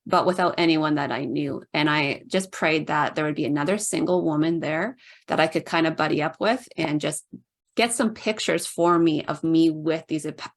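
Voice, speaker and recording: A middle-aged woman, guesting on a podcast, tells stories casually in a low-pitched voice at a moderate pace. She's chatty, fills her speech with "like," and puts on voices when quoting people.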